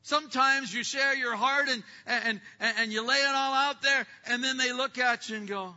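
A male pastor preaching a sermon, swinging from loud bursts to hushed, quiet passages and acting out distracted listeners in quick asides. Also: extremely high pitch, fairly even intonation. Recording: dull lo-fi sound with long hall reverb.

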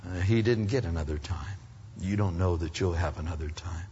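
A man preaching a sermon with emphatic swings between loud rising appeals and hushed earnest passages. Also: deep voice, moderate pace, slight background noise. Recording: dull recording in a reverberant hall.

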